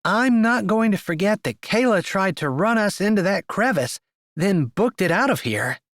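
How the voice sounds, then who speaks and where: A man voicing an anxious, teasing young woman academic in an audiobook, pitching his voice up and speaking emphatically. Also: animated, normal speed, a bit bright, no echo, studio quality. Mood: indignant. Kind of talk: audiobook character voice.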